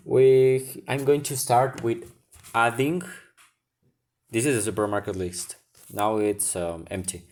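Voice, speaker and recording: A man's voice: fairly low pitch, a little mellow. Young man walking through an app demo. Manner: explains step by step, thinking aloud. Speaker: student presenting a class project.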